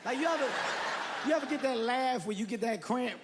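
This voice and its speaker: A man telling a stand-up comedy story on a large stage, animated and loud, shouting his punchlines and laughing through them. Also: very high-pitched, brisk, background noise. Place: large theater stage before a live audience. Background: audience laughter.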